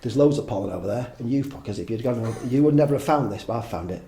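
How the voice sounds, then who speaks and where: A man voicing a cynical, chain-smoking male rogue bee with a southern accent, talking gruffly and dismissively. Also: mid-range voice, expressive, racing, dark tone, roomy sound, close to an everyday voice.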